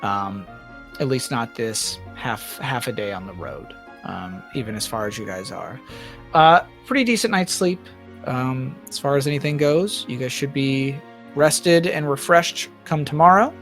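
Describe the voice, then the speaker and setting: A woman running a tabletop game as game master, narrating loosely with many pauses and fillers. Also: very deep voice, animated. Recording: dry with soft music behind.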